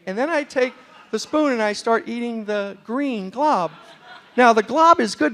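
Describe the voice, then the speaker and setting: A middle-aged New Yorker speaking in a university lecture hall spins a funny story, throwing asides to the audience with animated comic flair. His voice is high-pitched and creaky.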